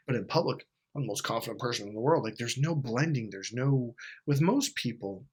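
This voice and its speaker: A man's voice: mid-range voice, fairly bright tone, slightly rough. A man hosting a casual self-help monologue, blunt and profane, laughing often and acting out what people say. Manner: blunt and profane, acts out quoted lines; laughs often mid-sentence. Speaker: self-help video host.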